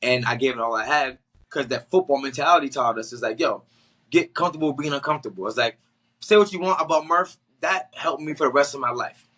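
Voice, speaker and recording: Young guy from boston way, podcast guest, slangy and animated, acts out everybody's lines, bright forceful voice. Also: mid-range voice, brisk. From Boston area. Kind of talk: casual storytelling.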